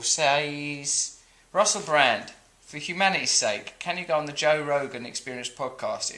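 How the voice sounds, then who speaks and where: A man's voice: medium pitch, rough recording. An English man in his forties hosting a show, reading out viewer comments with cheeky, mock-indignant asides. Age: 40s. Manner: cheeky, mock-indignant, jumps between loud outbursts and mumbled asides.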